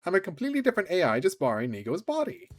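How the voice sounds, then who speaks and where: A man's voice: high-pitched, wildly swooping pitch, racing, pitched above the performer's own voice. A courteous, earnest male AI speaks from inside a borrowed robot body, as a man reading a story game puts him on. The voice is pushed well above the reader's own, polite and formal, with faint game music behind it.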